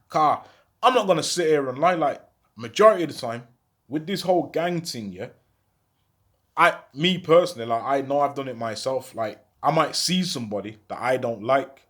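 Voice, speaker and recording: A man telling a story in casual street slang, acting out the dialogue and often checking in with the listener. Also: medium pitch. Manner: animated, acts out dialogue.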